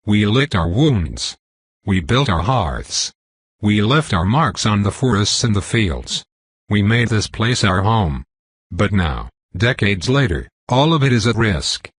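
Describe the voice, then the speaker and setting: A man's voice: fairly low pitch, very animated, slow pace, breathy edge, dry recording, full character voice. A man voicing a commanding werewolf pack leader in a fantasy audiobook, giving a rousing, declaiming speech.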